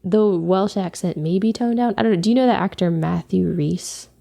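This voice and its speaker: Low gravelly woman podcast co-host. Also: normal speed, mellow. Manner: chatty, many fillers and laughs. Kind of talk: casual chat.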